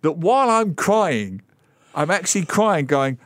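A man in his forties, a radio guest, talks films in a casual, animated and sarcastic way with mocking asides, on a studio microphone. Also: on the high side, a little slow, no room sound. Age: 40s. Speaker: radio guest and film commentator.

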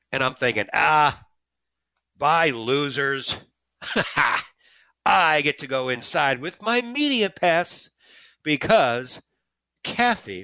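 A middle-aged man from the St. Louis area, telling a personal story in a casual, animated, self-mocking way. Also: no echo. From St. Louis area, USA. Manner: animated, self-mocking, jumps high when excited.

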